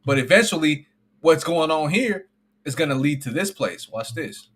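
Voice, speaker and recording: Brief: male co-host with a bright, forceful voice, reads scripture and then riffs in slang. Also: on the high side, expressive, moderate pace, breathy edge. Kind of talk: casual religious discussion.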